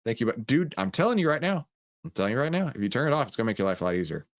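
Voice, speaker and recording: Animated man coaching traders live. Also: medium pitch, racing. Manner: animated, coaching, answers chat questions. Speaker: trading livestream host. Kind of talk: livestream Q&A with chat.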